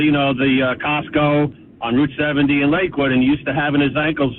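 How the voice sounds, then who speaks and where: A man's voice: a little high, level tone, fast. A man calling in to a radio show, telling a story casually with fillers and restarts. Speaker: caller. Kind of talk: casual phone-in chat. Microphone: telephone. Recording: tinny phone line with faint hiss.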